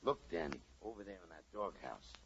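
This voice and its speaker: An actor playing a rough, rowdy street mutt dog with a gruff, barking delivery in 1940s radio comedy. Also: male voice, deep voice, animated, a little fast, lo-fi sound, background noise. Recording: old radio broadcast with studio audience laughter.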